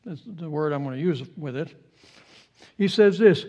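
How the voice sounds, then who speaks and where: Earnest high-voiced man preaching. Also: animated, moderate pace, pauses often, dull audio. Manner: earnest, repeats key phrases for emphasis; swings from hushed to rising with feeling. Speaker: pastor. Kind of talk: sermon.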